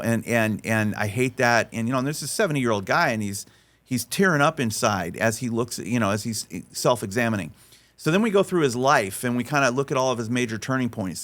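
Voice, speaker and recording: This man talks like a storyteller on a podcast. He often restarts and repeats words, and his voice jumps up high when he acts out what other people said. His pitch sits in the middle range for a man. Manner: animated storyteller, voice rising high when acting out quotes. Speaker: faith-based life coach and podcast guest.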